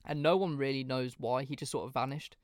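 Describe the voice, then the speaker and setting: A man's voice: medium pitch, brisk, clear, resonant tone, no room sound, clean studio sound. A man hosting a podcast, narrating a case casually with plenty of swearing. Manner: casual, swears freely, reads from notes. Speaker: podcast host.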